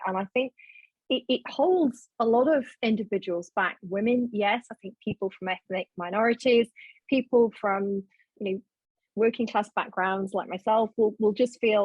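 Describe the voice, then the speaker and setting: A woman's voice: medium pitch, moderate pace, darkish tone, husky, no echo, rough recording. A middle-aged woman from Sheffield, a law professor talking frankly and with self-mocking humour as a podcast guest. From Sheffield, England. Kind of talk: casual interview chat.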